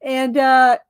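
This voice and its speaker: Woman host, middle-aged, casual livestream chat, rambling and giggly, voice sits a bit high. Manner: rambling, chatty, laughs often, greets viewers.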